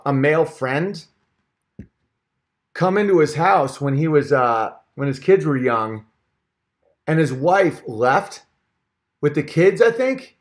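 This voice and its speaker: A man hosting his own channel, ranting in a heated, sarcastic, profane way, with rambling restarts and asides. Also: fairly high pitch. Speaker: channel host. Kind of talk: comedic rant vlog.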